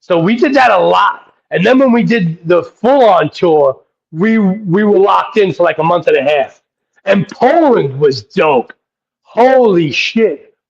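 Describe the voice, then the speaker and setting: A man being interviewed as a guest rapper, telling excited, rambling anecdotes full of profanity. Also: sits high, vocal fry, slightly rough. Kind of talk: casual interview storytelling. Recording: dull lo-fi audio.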